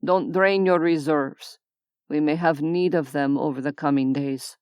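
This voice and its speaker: A commanding male leader , read by a woman narrator, speaks in calm, clipped, decisive lines. The voice is low and smooth, with a dry close sound, in a sci-fi audiobook. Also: measured pace, dry recording. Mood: curt.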